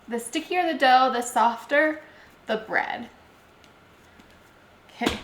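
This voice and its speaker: A woman's voice: high-pitched, takes it slowly, roomy sound, low-quality recording. A woman vlogging as she cooks at home, chatting casually and talking herself through each step. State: out of breath. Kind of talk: casual cooking narration. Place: home kitchen.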